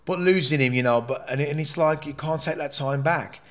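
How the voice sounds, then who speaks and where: A man telling his life story as a podcast guest, animated and profane, rambling with frequent restarts. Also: on the high side, normal speed. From England. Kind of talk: candid interview storytelling.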